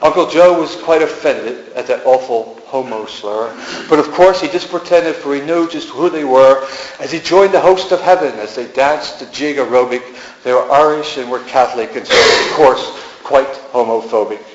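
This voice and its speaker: A man's voice: mid-range voice, moderate pace. Guy reading rhyming poems aloud, sing-song, echoey gallery room, kinda muffled. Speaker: poet. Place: art gallery. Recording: roomy, dull gallery recording.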